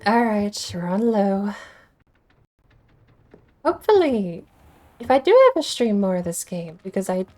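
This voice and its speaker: A woman's voice: mid-range voice, expressive, a little slow, pauses often, darkish tone, soft background music. A woman streamer casually talking through a video game, wry and self-mocking, thinking aloud. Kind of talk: casual gaming livestream commentary.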